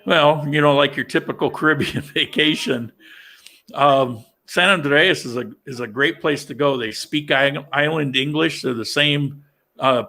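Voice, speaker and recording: A man from upstate New York hosting a casual livestream chat, talking in a halting way with many restarts and fillers. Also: on the high side, sharp tone. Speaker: livestream host.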